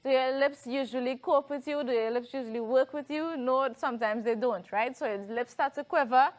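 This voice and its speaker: A woman's voice: sits high, a little fast. A woman with a Trinidadian accent teaching a televised lesson, explaining step by step and often checking in with "right?".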